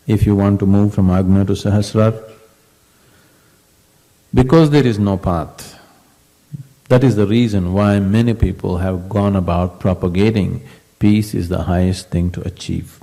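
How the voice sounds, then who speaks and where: A man as a spiritual teacher giving an emphatic storytelling discourse, dropping to a soft voice at times. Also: low-pitched, in a large hall, rough recording. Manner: storytelling, acting out quoted voices.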